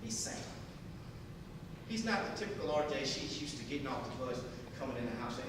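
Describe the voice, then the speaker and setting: A man giving a motivational speech, telling a story in a dramatic, animated way. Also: a little fast. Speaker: speaker. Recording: echoey hall from far off, low rumble.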